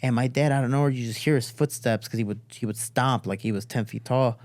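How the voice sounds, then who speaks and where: A man's voice: medium pitch, brisk. A man from Chicago telling a family story in casual conversation, acting out the people he quotes. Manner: animated, acts out quotes with a raised voice. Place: studio.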